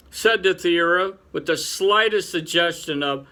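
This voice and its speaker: A man reading a classic animal story aloud in an unhurried, lively way. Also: sits high. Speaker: reader.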